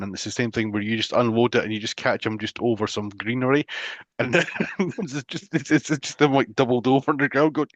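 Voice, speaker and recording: A man's voice: fairly low pitch, no room sound. A man from England hosting a casual podcast chat, rambling with frequent restarts and fillers, on dull lo-fi audio. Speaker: podcast host. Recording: dull lo-fi sound.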